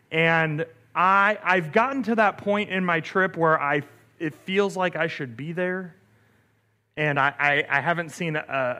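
A middle-aged pastor with a fairly high-pitched voice tells a story during a relaxed sermon. His speech is full of fillers and restarts, and he often asks "right?".

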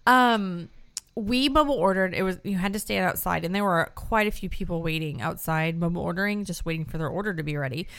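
A woman chats casually, asks curious questions and laughs easily. Her voice is smooth and clear. The sound is dry and close to the mic. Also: fairly low pitch, fast, a bit bright, no room sound. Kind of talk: casual chat.

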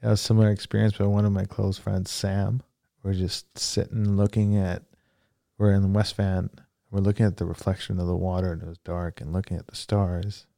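Gravelly, dark-voiced man. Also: sits low, level tone, fairly quick, no echo, clean studio sound. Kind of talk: casual conversation.

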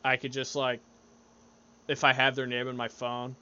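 A man's voice: medium pitch, completely flat delivery, normal speed, bright, forceful tone, clear, resonant tone, lo-fi sound. A young man co-hosting a casual podcast, rambling through ideas with frequent laughter and swearing. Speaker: podcast co-host.

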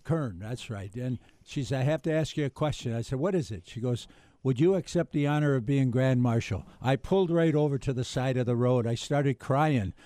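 A man's voice: mid-range voice, fairly quick, mellow, no echo. A man guest on a radio program, telling a long emotional story in a rambling, casual way at a studio microphone. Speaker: parade grand marshal, guest.

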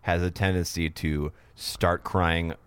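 A man's voice: sits low, level tone, slow, clean tone, no room sound. A man co-hosting a podcast, trading sarcastic, profane jokes in casual banter. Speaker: podcast co-host.

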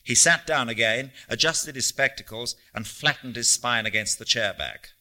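A man narrating a literary audiobook in a measured, descriptive reading. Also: medium pitch, bright, forceful tone.

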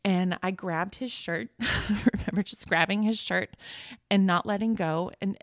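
A woman telling a painful personal story in a halting, emotional way as a podcast guest. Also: mid-range voice, no room sound, clean studio sound. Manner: halting, emotional, reliving the moment. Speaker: guest sharing her story.

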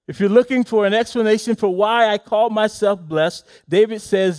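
A man preaching a sermon. He repeats key phrases and slows down to stress them, and he reads scripture softly. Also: fairly even intonation. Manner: soft, low reading of scripture. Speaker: pastor.

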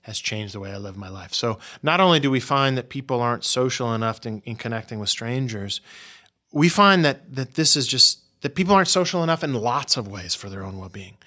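A man being interviewed as a researcher, explaining his findings in an animated way and often restarting words. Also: mid-range voice, brisk. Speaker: guest researcher. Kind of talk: interview answers.

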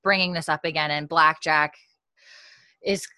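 Bright-voiced woman rambling through a recap. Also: low-pitched, steady tone, unhurried, dry recording. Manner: rambling, full of "like" and "you know". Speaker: podcast co-host. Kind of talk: casual recap chat.

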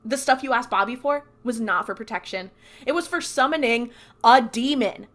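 A woman's voice: fairly high pitch, animated, moderate pace, a bit bright, voice pushed up. A woman voicing an angry young man who accuses his father.

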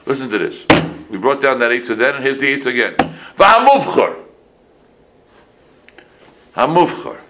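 A man in his sixties, a rabbi giving a casual halacha class full of stories, talking in an animated way with many restarts and Yiddish phrases. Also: mid-range voice, fast talker, noisy background.

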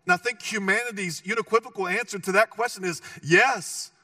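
A man's voice: sits high, a little fast, sharp tone, no room sound, clean studio sound, recorded from a distance. A man preaching a sermon as pastor, conversational and joking, with emphatic repeated phrases.

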